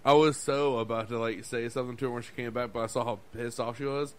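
A man's voice: mid-range voice, fairly even intonation, fast talker, slight background noise. A man co-hosting a podcast, telling a restaurant story in casual chat, swearing often, laughing, and acting out what people said. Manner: profane, laughing, acts out quotes. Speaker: podcast co-host.

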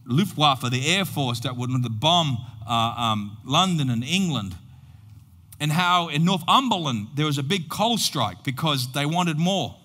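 A man preaching a sermon as pastor, telling a story dramatically with long pauses. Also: on the high side, pushed and bright. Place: church hall. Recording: long reverb in a large hall.

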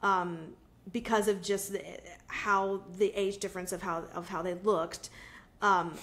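A woman co-hosting a podcast in casual chat, agreeable and halting with frequent restarts. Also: medium pitch, fairly even intonation, fairly bright tone. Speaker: podcast co-host.

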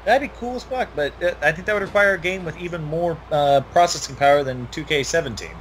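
A man's voice: a little high, fast talker, fairly bright tone, slight background noise. A young man commentating a wrestling video game in a rambling, opinionated, profane way.

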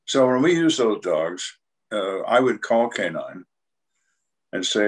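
An older man with a low, husky voice tells crime stories as an interview guest. His delivery is blunt, dry and dramatic, with deadpan punchlines. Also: takes it slowly, pauses often. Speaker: retired homicide detective, guest. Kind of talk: storytelling interview.

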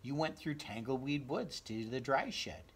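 A man reading a storybook aloud, voicing a calm, steady old grandmother in a soft, reassuring way. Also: medium pitch, moderate pace. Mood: warm. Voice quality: croaky.

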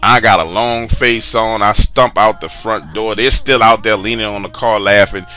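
A man's voice: fairly low pitch, normal speed, sharp tone, clear, resonant tone, soft background music. A man casually telling a personal story, chatty and slangy, with asides to the listener. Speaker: storyteller sharing a true story.

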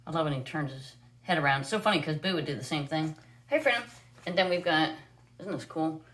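A woman from the United States, owner of a pet parrot, chatting casually on a live stream and often switching to a high, sing-song voice to coo at her bird. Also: quick pace, a bit bright.

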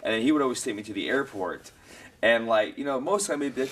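A man chatting quickly in a casual interview, agreeable and chatty. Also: mid-range voice, a bit bright. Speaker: wrestler, interview guest. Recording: off-mic with faint noise.

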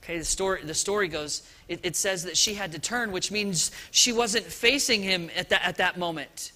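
Male pastor preaching at a church service, high and bright, loose, chatty delivery full of restarts. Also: moderate pace. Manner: lively and conversational, with frequent restarts and asides. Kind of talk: Easter sermon.

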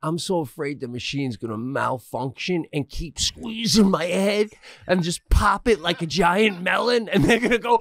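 A man co-hosting a podcast in casual chat, telling animated stories with shouted acted-out bits. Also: high-pitched, moderate pace, creaky. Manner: laughs often mid-story. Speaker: podcast co-host.

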